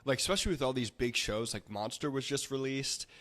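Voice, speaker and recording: A man hosting a casual podcast interview, talking in an excitable, rambling way with lots of filler words and some swearing. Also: medium pitch, a little fast. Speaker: podcast host.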